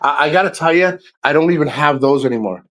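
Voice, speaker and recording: A man's voice: a little high, animated, fast talker, a bit bright, poor audio. A man hosting a casual livestream, talking in a rambling, jokey way and swearing freely. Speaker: livestream host.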